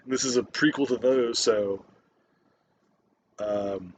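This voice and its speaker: A man's voice: medium pitch, slow, slight background noise. Rambling, foul-mouthed man reviewing a movie. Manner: rambling, heavy swearing, many fillers and restarts. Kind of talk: casual spoken movie review.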